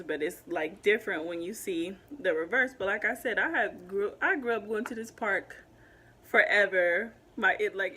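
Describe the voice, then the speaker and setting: A young woman in a casual storytime vlog, talking animatedly with many fillers and growing loud when upset. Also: lowish voice, a little hiss or hum. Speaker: vlogger telling a story.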